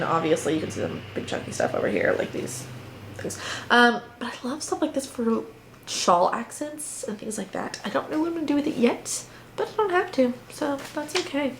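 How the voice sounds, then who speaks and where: A woman's voice: fairly high pitch, slight background noise. A woman hosting a knitting and spinning podcast, chatting casually and playfully as she shows her projects to viewers. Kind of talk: casual show-and-tell chat.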